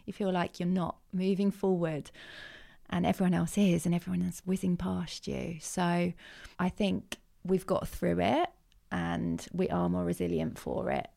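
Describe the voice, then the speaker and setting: Gravelly-voiced woman sharing her story. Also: fairly low pitch, little pitch movement, measured pace, warm tone. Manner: reflective, open about hard times. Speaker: interview guest. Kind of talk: candid personal storytelling.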